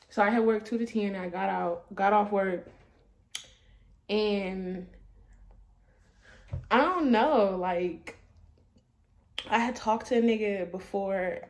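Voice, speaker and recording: A young woman in a casual storytime vlog, her voice sitting at an ordinary middle pitch. She talks loosely and laughs easily. Her speech is full of swearing. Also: unhurried, pauses often. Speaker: vlogger.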